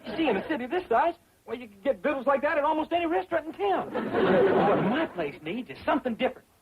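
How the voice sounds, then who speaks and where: A man's voice: very high-pitched, very animated, fast talker, a loud crowd, heavy background noise. An actor playing an eager, boastful young hillbilly man in a 1960s sitcom, with a Southern rural accent. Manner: eager, cocky, folksy. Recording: dull old TV audio, loud laugh track.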